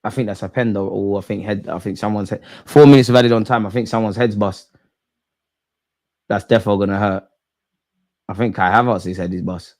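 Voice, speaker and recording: At a moderate pace with frequent pauses, a young man hosts a live football watch-along. He's slangy and animated, his voice rising into loud outbursts and dropping to low mutters.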